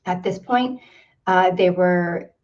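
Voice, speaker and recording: At a seminar, a woman shares a personal story earnestly and slowly, her voice lowish, repeating words to stress them. The recording is distant and has a dull lo-fi quality.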